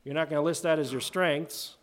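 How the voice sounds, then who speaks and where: A man's voice: on the high side, fairly even intonation, fairly quick. A middle-aged man preaching a sermon in a conversational way, often checking in with "right?". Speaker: pastor.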